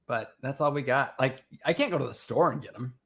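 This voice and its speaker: A middle-aged man chatting as a podcast guest, telling lively stories and laughing often. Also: medium pitch, brisk. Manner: animated storytelling, laughs often. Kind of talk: casual chat.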